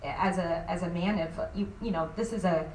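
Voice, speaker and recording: Halting woman panelist in a roomy hall. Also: lowish voice, darkish tone, a little hiss or hum. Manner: halting, many restarts and fillers. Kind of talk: faith-based panel talk. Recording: roomy sound from a distant mic.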